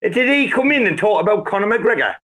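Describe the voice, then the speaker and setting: A man, bantering loudly and swearing a lot in a rowdy group chat. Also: high-pitched, lively intonation, brisk. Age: 40s. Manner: swearing, rambling, loud and jokey. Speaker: Twitter Space participant.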